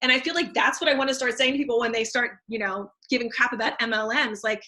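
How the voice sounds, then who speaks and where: Speaking quickly in a fairly high, steady, pushed and bright voice, a woman in her thirties effusively describes how selling essential oils helped her. She's a teacher and oils seller, and her casual testimonial is full of fillers and restarts.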